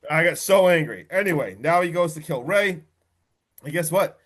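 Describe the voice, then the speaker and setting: Excitable man recapping a horror film. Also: fairly high pitch, normal speed. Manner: excitable, swears, acts out quotes from the film. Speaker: podcast host.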